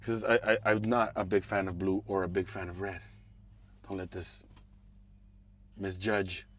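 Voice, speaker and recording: A man hosting a podcast. He rants casually and profanely about politics, muttering one moment and shouting the next. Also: low-pitched, unhurried. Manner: animated, profane, swings between mumbling asides and raised outbursts. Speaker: podcast host.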